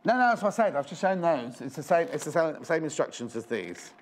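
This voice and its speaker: A man's voice: fairly high pitch, big pitch swings, brisk, slight background noise. A man presenting on a live shopping channel, chatty and rambling, counting down stock and correcting himself as he goes. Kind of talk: live TV sales pitch. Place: TV studio.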